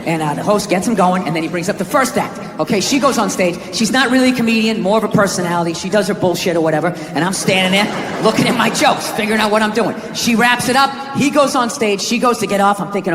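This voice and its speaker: A man's voice: extremely high pitch, quick pace, noisy background. A man from the United States doing stand-up comedy, ranting and profane in an exasperated way. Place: large theater with a laughing crowd. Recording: echoey live hall, loud crowd.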